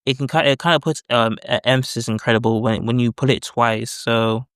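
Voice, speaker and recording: A man's voice: medium pitch, fairly even intonation, brisk, a bit bright, clear, resonant tone, no echo, clean studio sound. A man casually explaining his screen as he works, rambling with self-corrections. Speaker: developer demoing voice prompts. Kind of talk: casual screen-recorded tutorial.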